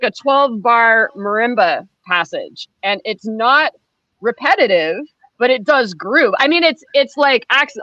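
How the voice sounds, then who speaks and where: A woman guest, a percussionist, talking in a chatty, lively way in a casual conversation. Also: on the high side, dry recording. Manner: chatty and lively, many fillers. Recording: slightly dull lo-fi sound.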